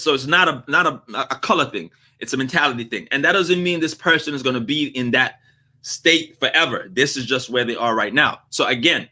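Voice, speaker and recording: A man hosting a live question-and-answer show, talking in an animated, joking way and laughing often. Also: medium pitch. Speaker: host.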